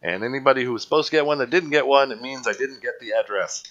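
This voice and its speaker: A man's voice: medium pitch, fast talker, fairly bright tone, lo-fi sound. A man hosting a live online show in casual chat, rambling and joking at his own expense. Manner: rambling, jokey, self-mocking. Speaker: livestream show host.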